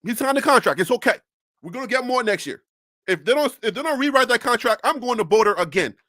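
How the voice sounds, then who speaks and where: A mid-range voice with lively intonation and a fairly bright tone talks fast as this sports talk host rants on a live stream. He repeats phrases and fires off rhetorical questions into a desk USB microphone. The recording is dry and clean, with studio sound.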